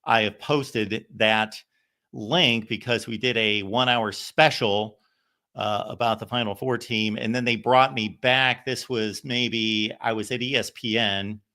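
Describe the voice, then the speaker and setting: A man's voice: lowish voice, bright, forceful tone. A man hosting a call-in show, telling rambling, anecdotal stories full of fillers and restarts. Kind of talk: casual storytelling.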